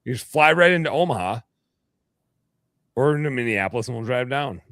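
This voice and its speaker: A man's voice: mid-range voice, expressive, fairly quick, a bit bright, dry recording, clean studio sound. A man hosting a podcast, chatting casually and joking around, cursing freely. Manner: loose, joking, swears freely. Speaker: podcast host. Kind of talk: casual chat.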